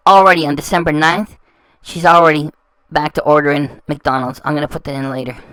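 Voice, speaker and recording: A woman's voice: sits low, steady tone, a little fast, a bit bright, smooth, poor audio. A woman hosting a reaction channel, talking over clips in a scornful, insulting way and often stumbling and repeating words. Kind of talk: mocking commentary over clips.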